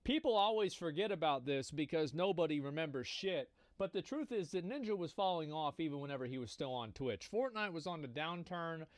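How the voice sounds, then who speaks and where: A man with a fairly high voice comments casually on a clip he is watching, swearing freely and sounding amused. The recording is dry and close. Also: lively intonation, brisk, hardly any pauses, no echo. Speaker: streamer reacting to a clip.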